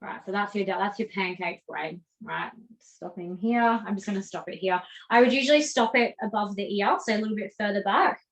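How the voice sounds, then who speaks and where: A woman's voice: medium pitch, fairly quick, poor audio. Chatty Australian woman teaching braids. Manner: chatty and animated, demonstrating on a mannequin. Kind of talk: casual hair braiding tutorial on a video call.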